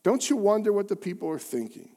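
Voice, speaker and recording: A man preaching a sermon as pastor, telling a story dramatically with rhetorical questions and swings between quiet and loud. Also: high voice, sing-song, fast talker.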